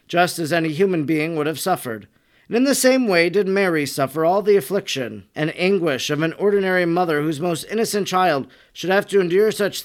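A male narrator reads a religious text aloud as an audiobook. His voice sits a little high, and his delivery stays solemn and measured.

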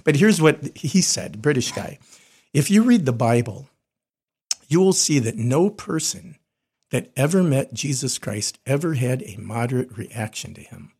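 Husky-voiced chaplain man. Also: mid-range voice, sing-song, a little slow, darkish tone. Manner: earnest, conversational, frequent restarts. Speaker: corporate chaplain. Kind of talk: podcast teaching talk.

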